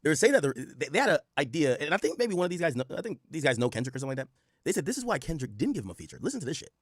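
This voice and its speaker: A man's voice: on the high side, big pitch swings, racing, no echo, clean studio sound. A man hosting a reaction commentary, ranting with profanity and repeating his points for emphasis. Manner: repetitive, emphatic. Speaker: host.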